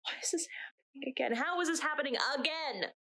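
A young woman acting a shaken narrator in a dramatic monologue, speaking slowly and haltingly with long pauses. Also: sits high, pushed and bright. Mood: haunted. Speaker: narrator recounting her own ordeal. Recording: distant mic with faint noise.

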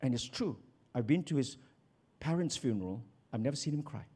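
Male pastor, husky, sermon storyteller with a wide-ranging delivery. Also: medium pitch, brisk. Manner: storytelling, animated with acted quotes.

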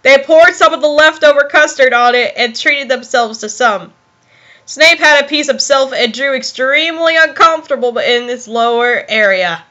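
A young woman reads a fan story aloud for comedy, breaking off to giggle and exclaim. Her voice is high and bright. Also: moderate pace, muffled recording. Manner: giggly, exclaiming, self-interrupting. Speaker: reader of fan fiction. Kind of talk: comic dramatic reading.

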